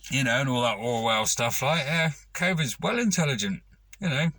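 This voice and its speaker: A man's voice: medium pitch, animated, moderate pace, pushed and bright. A man ranting to camera, rambling and swearing with lots of fillers. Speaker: vlogger.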